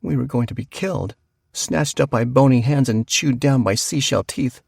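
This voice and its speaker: A man narrating a horror audiobook, slowing down for the tense moments. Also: mid-range voice, creaky, breathy edge, no room sound, clean studio sound.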